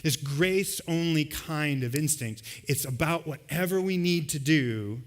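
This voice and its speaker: During a church service with a live congregation, a male pastor delivers his sermon in a relaxed, conversational style, dramatizing ordinary moments. He speaks in a mid-range voice at a moderate pace, with hardly any pauses.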